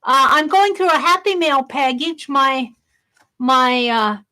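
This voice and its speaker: A woman's voice: high voice, expressive, takes it slowly, pushed and bright. A woman hosting a casual crafting live stream, exclaiming over mail and greeting viewers in chat.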